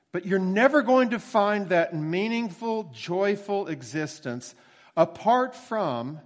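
A man preaching a sermon as a pastor, emphatic, with dramatic pauses and bursts of rising emphasis. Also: on the high side, big-room sound.

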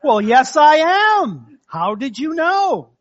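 A man's voice: very high-pitched, lively intonation, moderate pace, fairly bright tone, lo-fi sound, full character voice. A man voicing a lost balloonist in a read-aloud joke who complains that nobody helps him. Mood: surprised. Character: male balloonist lost and grumbling.

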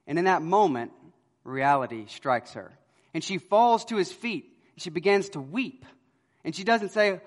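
A man preaching a sermon, telling stories and moving between loud emphasis and quiet, low lines. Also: lively intonation, normal speed, big-room sound. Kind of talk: expository sermon.

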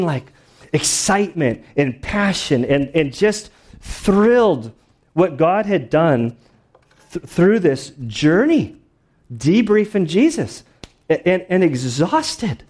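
A male pastor delivers a sermon in a relaxed, conversational manner. He strings his stories together with frequent fillers and restarts, sounding like he is talking with friends rather than reading from notes. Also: on the high side, takes it slowly. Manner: conversational storytelling with many fillers.

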